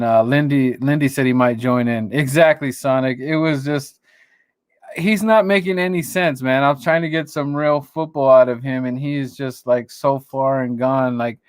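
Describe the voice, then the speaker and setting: A man's voice: on the high side, clean tone, no echo, studio quality. A man hosting a live call-in stream, chatting casually and greeting viewers in a rambling way. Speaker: host.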